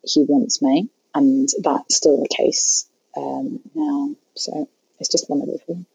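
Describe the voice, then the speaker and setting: A woman guest chatting candidly about parenting, chatty and self-deprecating with quick asides. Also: low voice, very animated, creaky, dark tone, slightly rough, dry recording, poor audio. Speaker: podcast guest. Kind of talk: candid conversational chat.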